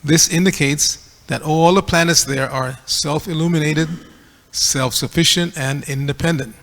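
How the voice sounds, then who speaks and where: A man's voice: on the high side, steady tone, normal speed, a bit bright, long reverb tail. A man giving a scripture class, reading aloud and correcting pronunciation in a teacherly way. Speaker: class speaker. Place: temple hall.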